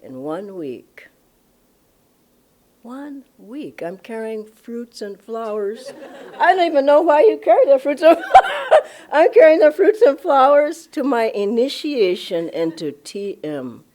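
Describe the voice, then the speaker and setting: A woman's voice: high voice, big pitch swings, unhurried, a little mellow. An older woman from Los Angeles, a spiritual director telling her story enthusiastically and laughing often. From Los Angeles, USA. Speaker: spiritual director giving a satsang talk. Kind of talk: personal storytelling talk.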